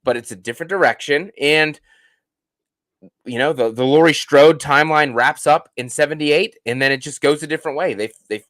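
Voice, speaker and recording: A man hosting a casual live stream, reading out viewer comments in an animated and jokey way, with many fillers and restarts. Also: fairly high pitch, normal speed, dry recording. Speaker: host of a horror movie channel.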